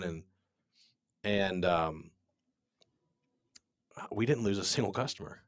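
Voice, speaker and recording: A man's voice: sits low, slow, pauses often, no room sound, studio quality. A man in his forties, a business owner, telling a candid story in an interview with emphatic restarts. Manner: earnest, repetitive restarts, emphatic.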